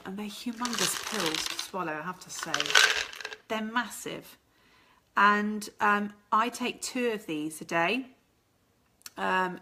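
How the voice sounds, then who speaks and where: A woman's voice: mid-range voice, creaky, sharp tone, slight background noise. A woman with a chatty, rambling manner, hosting a casual live stream and answering viewer comments. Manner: chatty and rambling, laughs often.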